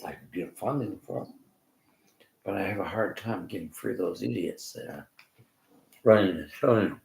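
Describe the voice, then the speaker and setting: A man speaks in a low, heavily gravelly voice that swings widely in pitch. He rambles through a personal monologue, halting and emotional, and often sinks to a near-whisper. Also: lively intonation, a little mellow, a little hiss or hum.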